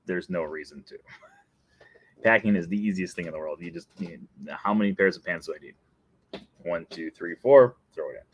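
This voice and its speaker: A man's voice: sits low, moderate pace, long pauses, a bit bright, breathy edge. A young adult man hosting a casual live stream, chatty and playful, often laughing at himself. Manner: playful and chatty, breaks into sung jingle and laughs. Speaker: host.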